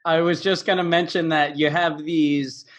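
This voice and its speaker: A man hosting a teaching podcast, chatty and quick to chime in. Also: fairly high pitch, fairly even intonation. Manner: chatty, chiming in with agreement. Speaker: podcast host. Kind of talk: casual podcast conversation.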